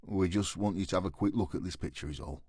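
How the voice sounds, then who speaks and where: A man voicing a weary police sergeant with a lazy, quiet, calm way of talking. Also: deep voice, fast, slightly rough, no room sound, studio quality, pitched below the performer's own voice. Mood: soothing.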